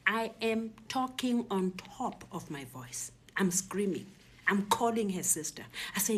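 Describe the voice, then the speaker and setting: A woman giving a personal testimony, telling her story in a hushed, breathy half-whisper and quoting what others said. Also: mid-range voice, lively intonation, unhurried. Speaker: speaker recounting a personal ordeal.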